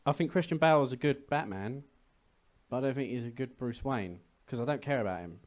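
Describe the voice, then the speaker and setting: A man's voice: mid-range voice, brisk. A young man co-hosting a movie podcast, chatting casually in a rambling, wry way. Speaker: podcast co-host. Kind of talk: casual chat.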